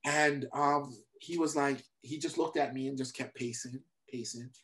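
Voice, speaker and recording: A male comedian, middle-aged, sits as a guest and tells a story from his career. His voice sits at a medium pitch, and he keeps acting out the lines of the people in his story, changing his voice for each of them. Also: steady tone, moderate pace, a bit bright. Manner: acts out other people's lines while telling a story. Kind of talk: animated storytelling interview.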